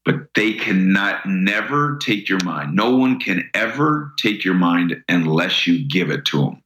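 A man's voice: low voice, animated, unhurried, a bit bright, echoey room, a little hiss or hum, low-quality recording. A middle-aged man telling an earnest personal story as an interview guest, often repeating words as he starts a sentence.

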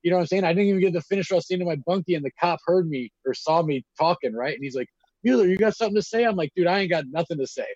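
A man, telling stories in casual chat, animated and acting out quotes with lots of fillers and swearing. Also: on the high side, rapid-fire, hardly any pauses, no room sound. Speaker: guest telling prison stories. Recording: dull lo-fi dry recording.

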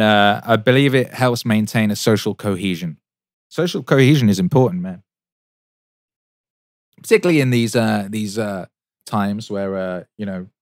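A man in his thirties talks through a casual livestream Q&A in a lowish voice, rambling and swearing freely with plenty of fillers. He sounds enthusiastic, and the sound is dry and close, with no room echo. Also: a little mellow. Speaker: musician and show host answering chat.

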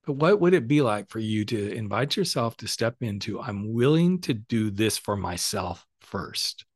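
A man's voice: on the low side, lively intonation, moderate pace, no room sound, studio quality. A middle-aged man hosting a podcast as a coach, talking in a casual, emphatic, motivational way and swearing freely.

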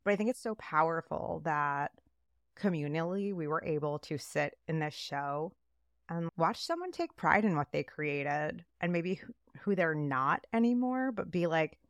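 A woman co-hosts a casual podcast chat in a low voice with a gravelly edge. She talks in an animated way and slips into the voices she quotes. The sound is dry and close. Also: measured pace, no room sound. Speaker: podcast co-host.

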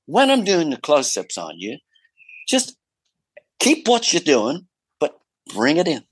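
A man's voice: on the high side, wildly swooping pitch, measured pace, husky, no room sound, pitched above the performer's own voice, heavily acted. A man voicing a brash male film director with an Australian accent, repeating himself emphatically and calling the listener mate. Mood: emphatic, chummy.

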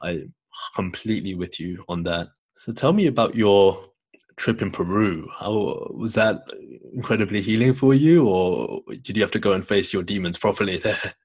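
A man hosting a podcast, affirming his guest and gently asking about her experience. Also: lowish voice, expressive, moderate pace, breathy edge. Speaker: podcast host. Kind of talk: interview questions.

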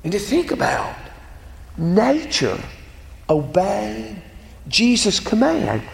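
High-pitched preacher guy giving a sermon, very lively, echoey church sound. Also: takes it slowly, gravelly. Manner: emphatic preaching, quotes scripture aloud. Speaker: pastor. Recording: echoey hall with faint ambient noise.

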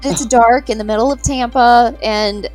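A woman guest on a podcast, telling lively anecdotes and laughing often as she goes. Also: on the high side, moderate pace, soft background music. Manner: expressive storyteller, laughs often. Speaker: guest, pet hospice veterinary worker. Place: Tampa area.

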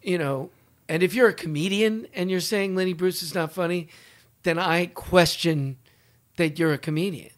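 A comedian in casual podcast talk, insistent, often repeating and restarting himself. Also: male voice, high-pitched, normal speed. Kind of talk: casual chat.

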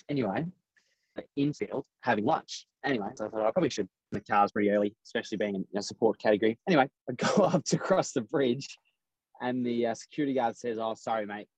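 A man's voice: fairly low pitch, no room sound, rough recording. A man tells a racing story in casual podcast chat, acting out what others said. The sound is dry and close, with no room around it. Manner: animated storyteller acting out quotes. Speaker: race driver guest.

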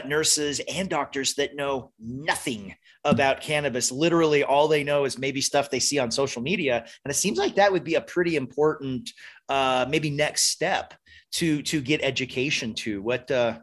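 A man's voice: medium pitch, a bit bright. A man hosting a casual conversation, asking long rambling questions in a laid-back way. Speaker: podcast host.

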